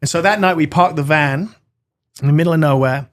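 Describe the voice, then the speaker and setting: A middle-aged man from Britain, a guest in an interview, telling a personal story in an earnest, animated way and acting out the dialogue in it. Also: on the high side, fairly quick.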